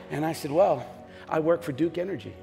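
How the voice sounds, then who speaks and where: A pastor preaching a sermon in a church, telling stories with humor and sudden shouted lines. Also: male voice, on the high side, gravelly. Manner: animated storytelling with jokes and bursts of shouting. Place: church sanctuary. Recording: long hall reverb, faint music behind.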